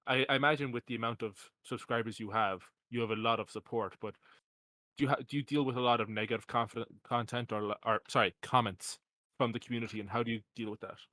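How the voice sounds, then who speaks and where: A man's voice: mid-range voice, steady tone, quick pace, bright, forceful tone, no echo. A man hosting a casual podcast interview, teasing his co-host and often restarting his sentences.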